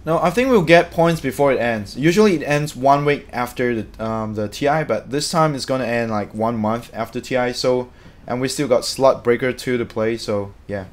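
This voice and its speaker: A man chatting casually on a live stream, reading out viewer comments in an excitable, talkative way. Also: mid-range voice, moderate pace.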